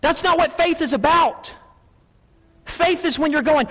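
A man preaching a sermon as a pastor, telling stories in an animated way and repeating words as he builds up. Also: very high voice, measured pace, long reverb tail. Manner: storytelling, animated, repeats words when excited.

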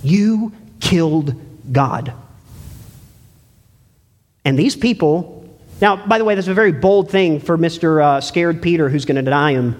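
A man's voice: a little high, a little fast. Earnest preacher man with long reverb. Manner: earnest, pleading, dramatic shifts between loud and hushed. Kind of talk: sermon. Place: church sanctuary.

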